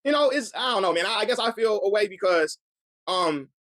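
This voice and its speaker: Fast-talking man, heated commentary. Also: high-pitched, expressive, bright, forceful tone, a little hiss or hum. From Chicago. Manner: heated, earnest, repeats words as he builds a point. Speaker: commentary channel host. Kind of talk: reaction commentary.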